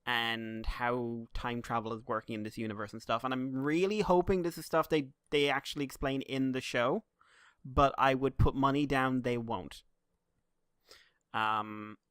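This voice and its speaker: A man's voice: mid-range voice, bright, forceful tone, smooth, dry recording, studio quality. A man co-hosting a podcast, rambling and laughing as he chats, with many restarts. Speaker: podcast co-host. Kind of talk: casual chat.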